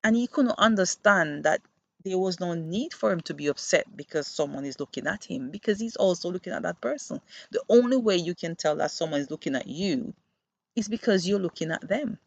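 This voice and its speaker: Earnest podcast host, gravelly low edges, a dull dry recording, explains through real stories. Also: lively intonation, brisk, dry recording. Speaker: podcast host who works with children. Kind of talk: reflective podcast monologue.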